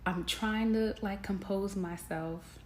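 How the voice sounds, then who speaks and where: Taking her time, a young woman with a mid-range, fairly even voice hosts a podcast and recounts a personal story in an open, emotional way. Laughter comes often, and she calls everyone y'all. Faint noise and echo fill the room.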